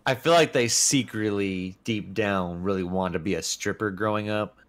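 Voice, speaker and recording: A man's voice: lowish voice, moderate pace. A young man co-hosting a casual chat, joking and teasing in a laughing manner. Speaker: podcast co-host.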